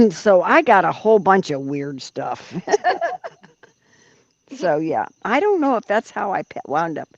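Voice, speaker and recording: A woman's voice: mid-range voice, big pitch swings, a little slow, a little mellow, dry recording. A woman hosting a livestream, chatting casually and bluntly with exclamations. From United States. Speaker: livestream host. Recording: dull dry lo-fi stream audio.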